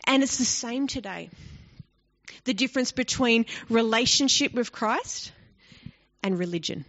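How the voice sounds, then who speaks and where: Woman, bible study teacher, conversational explaining, rhetorical questions, fairly high voice, dull lo-fi recording. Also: measured pace, a bit bright.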